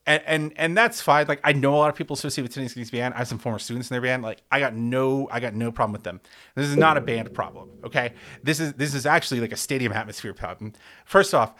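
A man's voice: mid-range voice, fast. Man on a profane, rambling sports rant. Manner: animated, rambling, stammers and restarts often; heavy swearing, hyperbolic. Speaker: sports podcast host.

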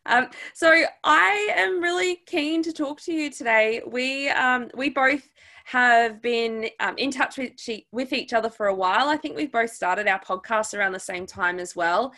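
A woman's voice: a little high, measured pace, sharp tone. Chatty Australian woman hosting a podcast. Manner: chatty, friendly, many ums and restarts. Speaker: podcast host. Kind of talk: casual chat.

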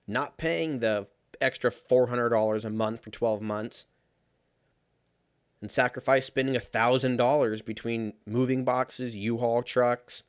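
A young man telling a casual story in a sarcastic, profane, animated way. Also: medium pitch, a little slow, no echo, clean studio sound.

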